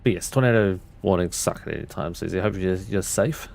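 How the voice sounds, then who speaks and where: A man's voice: low voice, brisk, gravelly, a little mellow. A man livestreaming, talking through cockpit steps and chatting loosely with his viewers, often restarting his sentences. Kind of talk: casual livestream commentary.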